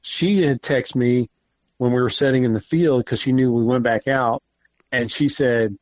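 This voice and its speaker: A man casually telling a hunting story, animated and swearing often as he acts out what people said. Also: medium pitch, moderate pace, no echo, dull audio. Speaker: podcast guest, hunter.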